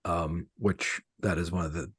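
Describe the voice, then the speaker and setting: A man's voice: sits low, steady tone, a little slow, fairly bright tone, slightly rough, dry recording. A middle-aged man, an author being interviewed, speaking hesitantly with many fillers and restarts. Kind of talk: conversational interview.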